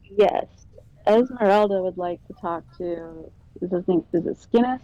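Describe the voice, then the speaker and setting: Slow, careful player. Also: mid-range voice, warm tone, no echo, lo-fi sound.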